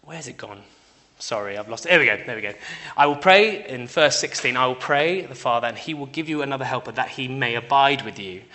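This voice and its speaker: A young man giving an informal sermon in a conversational way, often checking in with listeners by asking "yeah?" and swinging between loud emphasis and quiet asides. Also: medium pitch, quick pace, hardly any pauses. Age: young adult. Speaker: preacher.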